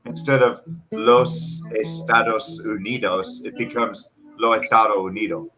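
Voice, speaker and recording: A man's voice: on the low side, fairly even intonation, a little slow, bright, forceful tone. A man co-hosting a podcast at a restaurant party, joking around playfully. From lived in Ecuador. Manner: playful, slips into Spanish. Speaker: podcast co-host. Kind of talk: casual chat. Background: guitar music.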